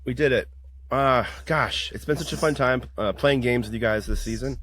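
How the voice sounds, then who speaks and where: A man's voice: medium pitch, moderate pace, a bit bright. A man hosting a game segment on a podcast, upbeat and announcing. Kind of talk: casual chat.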